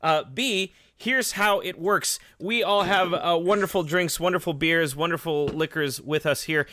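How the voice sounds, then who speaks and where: A man's voice: a little high, unhurried, dry recording. A man hosting a casual live-stream podcast, joking and reading out viewers' names and donations. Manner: animated, jokey, reads chat names aloud. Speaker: podcast host.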